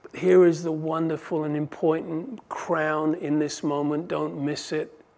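A man's voice: fairly high pitch, flat delivery, unhurried, vocal fry, a little mellow. A man preaching a sermon with passion, his delivery swelling and dropping for emphasis. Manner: impassioned, rising and falling in volume for emphasis. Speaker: pastor.

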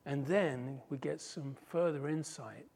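Slow, gravelly-voiced male preacher. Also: fairly high pitch, a little mellow. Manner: slow, emphatic, dramatic storytelling. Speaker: pastor. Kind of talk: sermon.

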